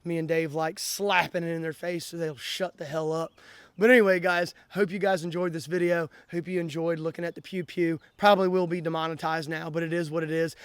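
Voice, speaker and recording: A man's voice: a little high, fairly even intonation, fairly quick, clear, resonant tone, no room sound. A man hosting an axe-throwing vlog, talking bluntly and in a worked-up way to camera, often repeating the same catchphrase. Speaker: axe-throwing channel host. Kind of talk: casual vlog talk to camera.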